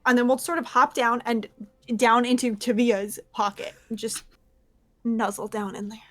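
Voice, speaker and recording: Gm lady with a fairly high voice, chatty and playful, describing the scene. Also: level tone, moderate pace, a bit bright. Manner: playful, loose, full of fillers. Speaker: game master. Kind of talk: narrating a tabletop game.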